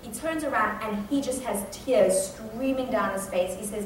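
A woman preaching a sermon, telling a personal story with animated shifts from hushed suspense to high excited outbursts. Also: moderate pace, slight background noise. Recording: echoey hall, voice from a distance.

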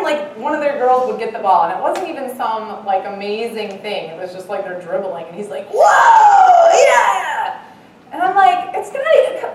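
A middle-aged woman giving an earnest devotional talk as a Bible study speaker, mixing in lively self-mocking stories. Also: fairly high pitch. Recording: echoey room, mic far off, faint noise.

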